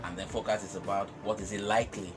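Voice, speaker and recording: Animated man talking business over music. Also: lowish voice, fast. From Nigeria. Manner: animated, emphatic, laughs often. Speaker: business guest. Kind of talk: casual chat.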